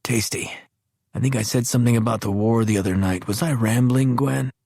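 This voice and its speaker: A man's voice: mid-range voice, steady tone, brisk, gravelly, warm tone, dry recording, voice pushed up. A man voicing a frail old man near death, genteel and wry, in a dry, knowing manner. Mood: sly.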